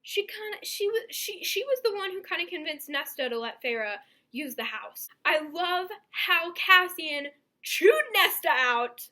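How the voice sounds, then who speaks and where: A young woman giving an excited, rambling book review to her viewers, gushing with many asides. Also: very high voice, unhurried, hardly any pauses.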